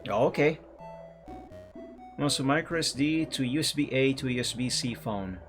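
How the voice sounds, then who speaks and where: A man streaming a game and chatting casually, relaxed and rambling. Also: medium pitch, a little fast, soft background music. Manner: relaxed, rambling, self-correcting. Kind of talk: casual gameplay commentary.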